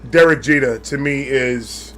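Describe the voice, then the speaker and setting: A man's voice: mid-range voice, a little slow, fairly bright tone. A man co-hosting a podcast, chatting casually about sports in a joking, profane, slangy way. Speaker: podcast co-host. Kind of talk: casual chat.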